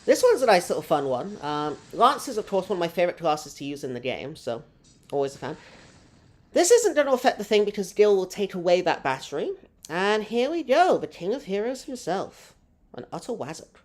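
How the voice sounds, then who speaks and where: Lively woman streaming a game. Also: fairly low pitch. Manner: chatty, rambling and self-mocking, with quick laughs. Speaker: gaming streamer. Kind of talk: live gameplay stream, reading chat.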